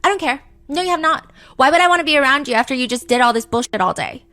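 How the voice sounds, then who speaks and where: A woman voicing an angry, demanding teenage girlfriend as she reads out hostile private messages in a shrill, snapping tone. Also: big pitch swings, fast, bright, forceful tone, no echo, full character voice.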